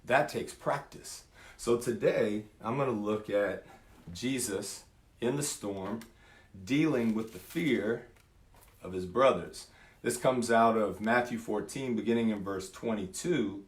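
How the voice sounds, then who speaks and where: A man preaching a casual sermon, reading scripture and then retelling it in a lively, folksy way. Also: fairly low pitch, measured pace, echoey room. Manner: lively storytelling, acts out voices in quotes; folksy, says "man" and "y'all".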